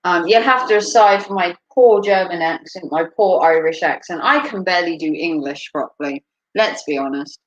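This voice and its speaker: A woman chatting casually on a live stream, rambling and filling pauses with frequent ums. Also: fairly low pitch, dull audio. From United States.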